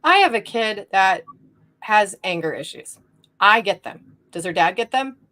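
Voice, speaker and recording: A woman's voice: medium pitch, expressive, measured pace, pushed and bright. A woman hosting a podcast, talking in an earnest, affirming way in casual conversation. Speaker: podcast host.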